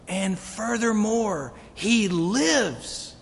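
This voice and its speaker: A man's voice: lively intonation, slow pace. A man preaching a sermon earnestly, building to emphatic peaks. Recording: long reverb of a hall, faint rumble.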